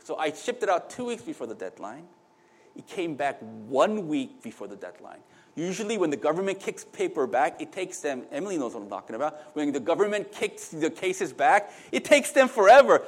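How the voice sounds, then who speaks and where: A middle-aged male pastor delivering a sermon. His voice sits a little high and swings widely in pitch. He talks conversationally, turning to the congregation with asides and restarting his sentences.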